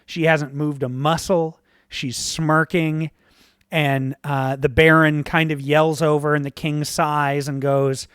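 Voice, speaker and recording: A man narrating a tabletop game as game master, relaxed and rambling with fillers. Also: fairly high pitch, takes it slowly, clean tone, no room sound, clean studio sound.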